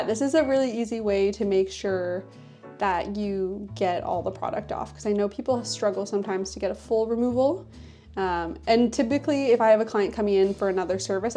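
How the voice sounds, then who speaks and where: A woman's voice: medium pitch, warm tone. A woman nail technician narrating a tutorial voice-over in a chatty, casual way, with lots of fillers.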